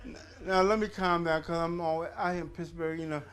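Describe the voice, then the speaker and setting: A man's voice: fairly high pitch, fairly even intonation, fairly quick, fairly bright tone. A man in his fifties doing a stand-up comedy set on stage, rambling loosely and working the crowd. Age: 50s. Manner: loose rambling delivery with crowd work and acted-out quotes.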